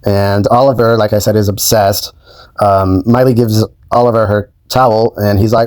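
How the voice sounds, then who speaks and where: A man's voice: fairly low pitch, steady tone, measured pace, darkish tone, clear, resonant tone, no room sound. A young adult man hosting his own channel, recapping a show in a casual way, hesitant and full of ums and you-knows. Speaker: YouTube host.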